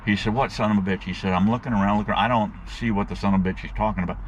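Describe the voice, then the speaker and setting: A man telling a rambling, folksy story to his viewers in a casual, animated way, with plenty of slang, and he calls them guys. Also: on the low side, racing, a little hiss or hum. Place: outdoors.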